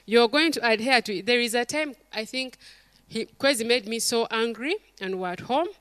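A woman's voice: fairly high pitch, normal speed, smooth, dry recording. A middle-aged woman, preaching a sermon to a congregation and acting out stories and quotes. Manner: animated storytelling, acts out quotes, calls to the congregation.

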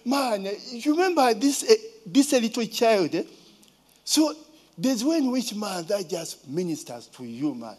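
A man with a Ugandan accent tells a casual story in a high-pitched voice. His pitch swings widely, and he keeps throwing in rhetorical questions. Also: slow pace, slightly rough. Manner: animated, rhetorical questions, mimics a child's voice.

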